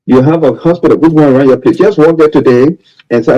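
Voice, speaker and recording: A man's voice: on the high side, expressive, warm tone, highs cut off. Emphatic man giving health tips. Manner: emphatic, repeats key points, drawn-out stresses. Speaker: health tip presenter. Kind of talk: radio health advice segment.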